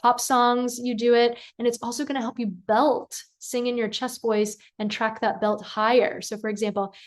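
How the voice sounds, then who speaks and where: A woman vocal coach giving a singing lesson, calm and encouraging, who breaks into sung syllables to demonstrate. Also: on the high side, normal speed.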